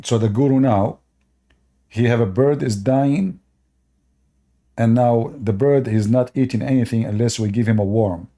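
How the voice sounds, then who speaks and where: Man, blunt call-in host, dark mellow tone, repeats himself, dismissive. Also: medium pitch, measured pace, long pauses. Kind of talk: live-stream debate talk.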